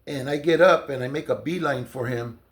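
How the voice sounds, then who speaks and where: A man's voice: medium pitch, fairly quick. A man casually telling a long personal story, loose and conversational with lots of fillers and restarts. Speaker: storyteller recounting jail experiences.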